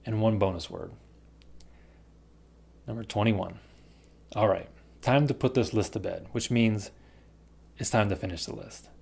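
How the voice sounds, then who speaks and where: A man's voice: fairly low pitch, moderate pace, creaky, long pauses, darkish tone, slightly rough. A man teaching English pronunciation, carefully demonstrating pairs of words. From United States. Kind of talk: pronunciation lesson.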